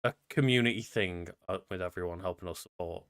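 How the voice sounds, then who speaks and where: A man's voice: low voice, fairly quick, a bit bright. A young man co-hosting a casual podcast, chatty, running through the show plugs. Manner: chatty, reads promo plugs in a customer-service cadence. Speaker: podcast co-host.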